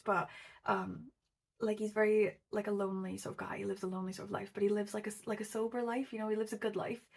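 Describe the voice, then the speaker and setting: Gravelly rambling woman vlogger. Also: medium pitch. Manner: rambling, full of likes and ums. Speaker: booktuber. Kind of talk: casual book vlog chat.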